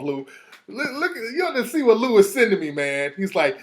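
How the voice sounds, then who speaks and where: A man's voice: high-pitched, sing-song, fairly quick. A man hosting his own show, ranting casually and profanely while reading out text messages. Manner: profane, heated, reading texts aloud. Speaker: show host. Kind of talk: casual live rant.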